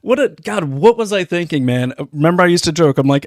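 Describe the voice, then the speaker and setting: A man hosting an interview, casual and incredulous, with quick joking asides. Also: a little high, lively intonation, no room sound, studio quality. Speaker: host.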